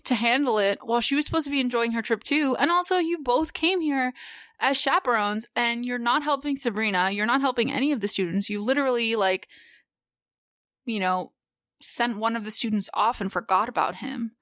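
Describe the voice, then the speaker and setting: A woman's voice: fairly high pitch, brisk, fairly bright tone, no echo. Rambling woman guest, dry close sound. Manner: rambling, filler-heavy, swears. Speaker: podcast guest. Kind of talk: casual podcast chat.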